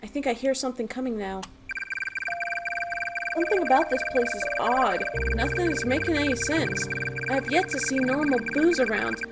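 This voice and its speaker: A woman's voice: high-pitched, animated, moderate pace, very noisy. A woman voicing a frightened young man, the grieving twin brother of a hero, in an earnest, dramatic reading of game text. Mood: uneasy.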